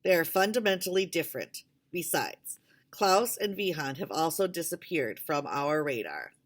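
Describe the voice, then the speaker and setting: A scheming male scientist, cool and defiant under questioning, voiced by a woman reading a storybook. He answers in measured, clipped phrases from a low, dark register. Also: expressive.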